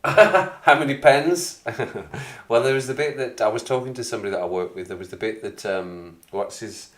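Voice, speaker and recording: A man's voice: fairly low pitch, flat delivery, a little fast. Rambly forties guy chatting to his live stream chat, chuckles a lot, sounds a bit echoey. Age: 40s. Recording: echoey room.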